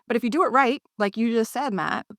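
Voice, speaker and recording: A woman's voice: on the high side, a little fast, no room sound, clean studio sound. A woman co-hosting a business podcast, chatting with an upbeat coaching manner. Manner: upbeat, animated in anecdotes, coaching tone. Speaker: podcast co-host, cleaning business owner. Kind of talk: casual conversation.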